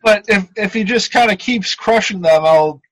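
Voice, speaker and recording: A man's voice: high-pitched, moderate pace, no echo, rough recording. A man speaking as a laid-back, amused player in a tabletop game. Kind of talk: casual tabletop role-play.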